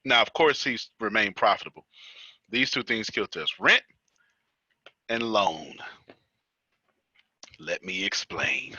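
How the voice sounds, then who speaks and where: Man, American accent, coaching host, lively, teasing, repeats himself, very bright tone, dry dull call audio. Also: on the low side, slow, pauses often, husky, no room sound. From United States. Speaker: business coach hosting a group call. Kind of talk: casual teaching chat.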